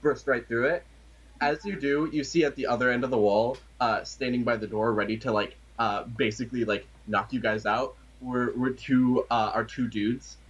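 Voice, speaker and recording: Halting young-sounding game master, muffled. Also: male voice, mid-range voice, steady tone, slightly rough. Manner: hesitant, many fillers. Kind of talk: narrating a tabletop game.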